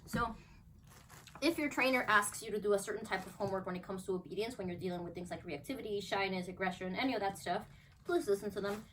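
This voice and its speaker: During a training demo at home, a young dog trainer talks to the camera and stops now and then to praise her dogs cheerfully. She is a fast talker with a medium-pitched, slightly bright voice, recorded on a distant camera mic with faint room noise.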